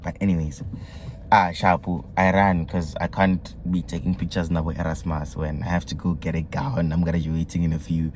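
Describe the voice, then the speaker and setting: A young man with a South African accent and a low, deep voice recounts his day in a relaxed vlog, getting excitable and dropping slang and local words as he goes. A faint hiss sits under the recording. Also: normal speed. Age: young adult. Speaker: vlogger. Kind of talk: casual storytelling vlog.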